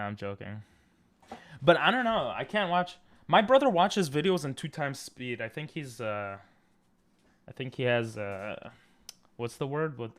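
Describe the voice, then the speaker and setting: A young man streaming live, reacting to videos and teasing his chat in a goofy way, often sliding into a low mutter. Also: fairly bright tone.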